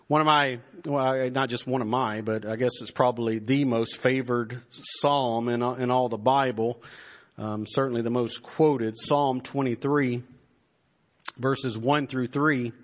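A man preaching a Sunday sermon, reading psalms aloud and repeating words as he builds to fervent emphasis. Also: medium pitch. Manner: slow and deliberate, rising to fervent emphasis when reading psalms; repeats words while searching. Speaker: pastor.

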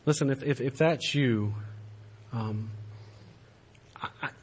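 A man preaching a sermon in a church, swinging from impassioned raised-voice exhortation to soft, pleading appeals. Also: mid-range voice, slow pace, husky. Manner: impassioned preaching, shouting at climaxes then dropping to a soft plea. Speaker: pastor. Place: church sanctuary.

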